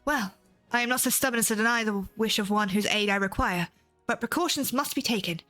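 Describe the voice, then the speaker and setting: A woman's voice: fairly high pitch, brisk, pushed and bright, faint music behind. A woman reading aloud the lines of a stern, commanding female admiral in archaic, formal speech. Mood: firm. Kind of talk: reading game dialogue aloud.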